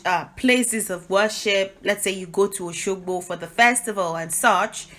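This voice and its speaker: A woman's voice: medium pitch, a bit bright. Woman teaching a language lesson, chatty, laughs at her own mixups. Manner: explains informally, laughs at own slips. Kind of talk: casual spoken lesson.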